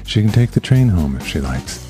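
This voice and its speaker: A man reading a suggestive letter as an adult male lover, in a slow, teasing delivery. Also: low voice, big pitch swings, over music.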